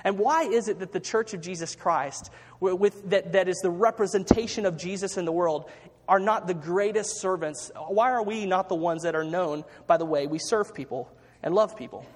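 A man's voice: high-pitched, moderate pace, in a large hall. A man preaching a chatty sermon, drawing the congregation into call-and-response, with plenty of ums and restarts. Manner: chatty, with audience call-and-response and frequent fillers. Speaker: pastor. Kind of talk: conversational sermon.

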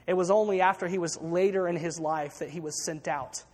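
Man, preacher, sermon, high voice, storytelling, long hall reverb. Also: steady tone, a little fast. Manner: storytelling with acted quotes, frequent restarts.

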